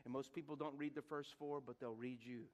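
A man's voice: mid-range voice, steady tone, brisk, a little mellow. A middle-aged man preaching a sermon, mixing humorous personal stories with rhetorical questions to the congregation and often repeating words as he builds up to a point. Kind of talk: sermon with storytelling.

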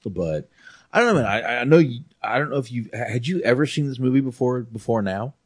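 A man's voice: medium pitch, animated, a little fast, husky, dry recording. A man from North Carolina hosting a casual movie review chat, rambling with frequent restarts and fillers. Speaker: podcast host.

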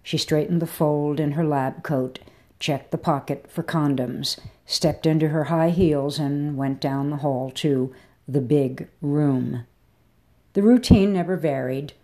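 A woman narrating a short story in a measured, somber way. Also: sits low, mellow. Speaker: reader. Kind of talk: audiobook narration.

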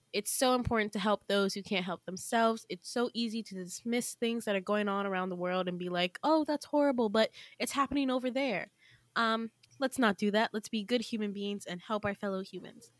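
A woman's voice: medium pitch, fairly bright tone, dry recording, clean studio sound. A woman hosting a podcast, chatting playfully and rambling a little with fillers as she wraps up the episode. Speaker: podcast host. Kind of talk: casual podcast outro.

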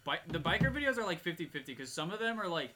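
A young man chatting casually with friends in a garage, telling animated stories, swearing often and acting out the people he quotes. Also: a little high, quick pace, background noise. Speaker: podcast co-host. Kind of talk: casual chat. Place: home garage.

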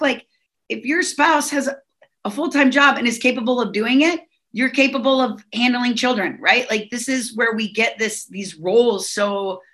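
A middle-aged woman from Southern California talks freely as a podcast guest. Her voice is bright and forward, and she keeps circling back through fillers and quick restarts as her thoughts pour out. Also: fairly high pitch. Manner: chatty, many fillers and restarts. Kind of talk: casual podcast chat.

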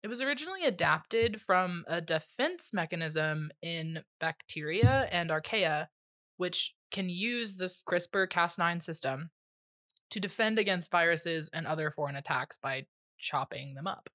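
Lower-voiced woman co-host, dry sound. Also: unhurried, dry recording. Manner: relaxed, agreeable, laughs often. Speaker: podcast co-host. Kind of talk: casual science chat.

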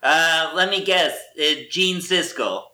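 A woman's voice: deep voice, slow, sharp tone, echoey room. A woman co-hosting a podcast in casual chat, making wry, joking remarks. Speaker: podcast co-host.

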